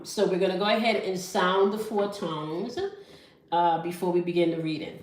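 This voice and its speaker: A woman with a somewhat low voice leads a spiritual tarot reading for her viewers. She checks in again and again with "all right?" and "okay?". Her voice rings in an echoey room. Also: noisy background. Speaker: tarot reader and channel host.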